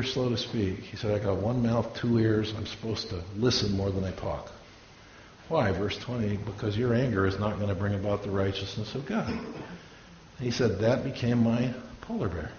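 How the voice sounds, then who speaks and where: A man's voice: on the low side, moderate pace, darkish tone. A man, a pastor, preaching a sermon and telling stories, acting out the voices of the people he quotes. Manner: storytelling, acts out quoted voices. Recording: echoey room, dull lo-fi sound, faint hiss.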